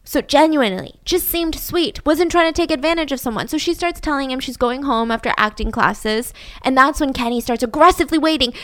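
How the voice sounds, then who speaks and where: A woman's voice: high-pitched, a little fast, few pauses, a bit bright. A young woman hosting a podcast, telling a crime story in a chatty, conversational way. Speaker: podcast host. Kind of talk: casual true-crime storytelling.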